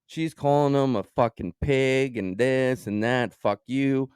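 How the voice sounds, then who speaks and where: A man co-hosting a podcast, telling a personal story in casual chat, animated and swearing as he acts out what people said. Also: mid-range voice, slow pace, clear, resonant tone, no room sound, studio quality. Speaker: podcast co-host.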